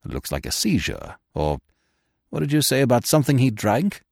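A man's voice: mid-range voice, huge pitch swings, moderate pace, gravelly, a little mellow, husky, no echo, studio quality, exaggerated voice. A man voicing a middle-aged male camp doctor who exclaims in a startled way, in an audiobook reading.

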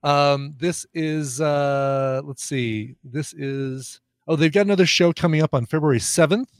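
A man co-hosting a podcast in relaxed, rambling casual chat, often pausing with ums and laughing along. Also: on the high side, no room sound, clean studio sound. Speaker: podcast co-host.

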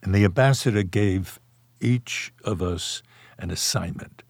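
Older man telling stories, low voice. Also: unhurried, a little mellow, dry recording. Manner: anecdotal, wry, chuckles while recalling. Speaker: author and interview guest. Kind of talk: storytelling in a podcast interview.

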